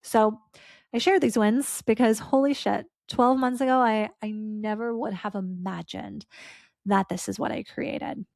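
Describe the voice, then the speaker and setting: A young adult woman hosts her solo podcast with a bright, fairly high voice. She talks in an effusive, heartfelt, chatty way, with loose fillers and the occasional swear. The sound is close and dry, with no room around it. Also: steady tone, a little slow, vocal fry, no room sound. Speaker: podcast host. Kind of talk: casual solo podcast reflection.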